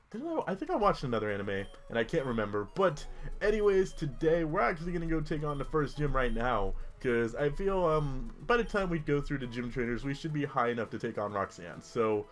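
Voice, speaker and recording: A young man giving casual, rambling commentary while playing a video game, full of jokey asides. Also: medium pitch. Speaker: gaming YouTuber. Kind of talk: casual let's-play commentary.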